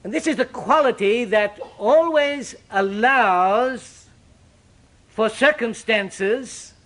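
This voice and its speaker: An older man preaching a sermon, with dramatic, sweeping shifts in pitch and loudness. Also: slow pace.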